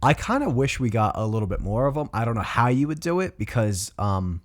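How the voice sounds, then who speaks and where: A man's voice: mid-range voice, sing-song, fairly quick. A young man co-hosting a podcast, talking bluntly about films and swearing freely. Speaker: podcast co-host. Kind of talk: casual film discussion.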